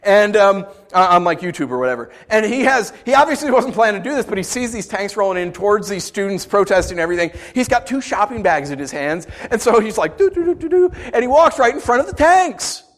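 A man in his thirties preaches to his congregation, his voice sitting high for a man. He tells stories animatedly, firing rhetorical questions and breaking into sudden shouts. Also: sing-song, fast talker, hardly any pauses. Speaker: pastor. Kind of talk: sermon.

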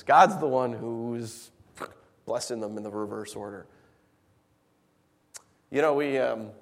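A man preaching a sermon as pastor, animated, acting out voices as he retells the scene. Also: mid-range voice, creaky. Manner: animated, acts out voices in anecdotes. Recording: long hall reverb.

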